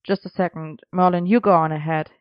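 An earnest young man, protective and firm, as a storybook reader puts him on. The voice is smooth and clear. The recording is dry and a little dull. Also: mid-range voice, fairly even intonation, fairly quick, no room sound, lightly acted.

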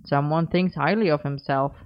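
A woman voicing a dry, reluctant young man who speaks in a grudging, low-key way. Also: normal speed, no echo. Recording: dull lo-fi recording.

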